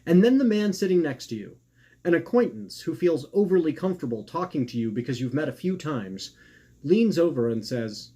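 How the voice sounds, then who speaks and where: Earnest man with a husky voice. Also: on the high side, sing-song, warm tone. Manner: earnest, measured, rhetorical questions. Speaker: essay writer reading his own piece. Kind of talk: read personal essay.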